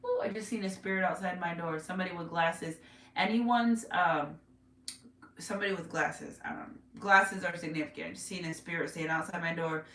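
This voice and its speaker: A woman gives a casual tarot reading with a bright, edgy tone. She rambles, stops herself mid-thought and gets emotional. Her voice rings in a roomy space, picked up from a little distance. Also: lowish voice, fairly quick. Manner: rambling, self-interrupting, emotional. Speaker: tarot reader. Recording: roomy echo, voice off-mic.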